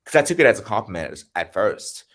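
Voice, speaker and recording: Brief: male host, voice on the lower side, lively storyteller on a video call who mimics the people he quotes. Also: quick pace. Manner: animated, acts out quoted voices with laughs. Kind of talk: casual conversational storytelling.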